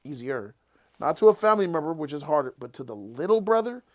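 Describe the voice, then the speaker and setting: A man hosting a casual live after-show, excitedly retelling an episode and acting out the characters' lines. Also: on the high side, fast. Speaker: show host.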